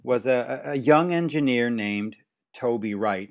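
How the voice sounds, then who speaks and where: A man's voice: medium pitch, animated, measured pace. A man hosting an interview, asking detailed questions and giving short acknowledgments. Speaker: interview host.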